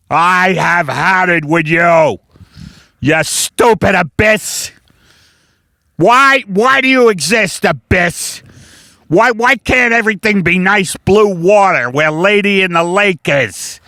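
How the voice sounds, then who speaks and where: A male comedian ranting outdoors on a mountaintop, his voice pitched high and bright. He drags along in slow, deadpan asides, then bursts into furious, shouted complaints, all of it improvised. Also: vocal fry, dry recording. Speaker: comedian podcast host. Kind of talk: improvised comic prayer and rant.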